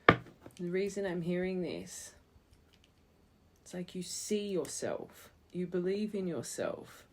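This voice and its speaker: A woman's voice: on the low side, expressive, slow, mellow. A woman giving a spiritual tarot reading to her viewers, earnest and encouraging, thinking aloud as she goes. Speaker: tarot reader.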